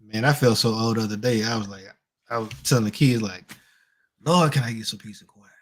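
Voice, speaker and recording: A man's voice: lowish voice, brisk. A man in his thirties co-hosting a casual talk show, speaking in a laid-back, joking way. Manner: laid-back, joking, loose Southern-style speech. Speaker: podcast co-host. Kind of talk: casual chat.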